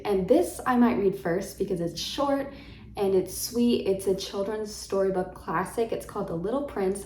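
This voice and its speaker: A woman with a slightly low voice talks in a relaxed, rambling way, filling her sentences with ums and likes. Her voice rings around an echoey room. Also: slight background noise. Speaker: book vlogger. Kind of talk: casual book chat.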